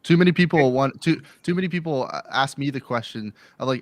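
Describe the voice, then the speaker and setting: A man's voice: medium pitch, animated, fairly quick, hardly any pauses, no echo. A man, a Christian streamer, talking casually in a panel discussion with many fillers.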